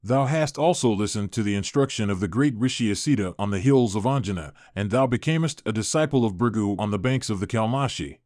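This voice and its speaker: A man reading an ancient epic aloud as an audiobook narrator, in a measured, even manner. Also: lowish voice, dry recording, clean studio sound.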